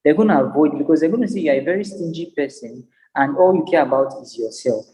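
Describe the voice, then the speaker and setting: A man lectures with an emphatic, repetitive, preacher-like cadence. His voice sits fairly high but sounds dark and mellow in tone. The sound rings with a long reverb, as in a big hall. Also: expressive, fast. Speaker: business psychologist and speaker. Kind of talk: motivational lecture.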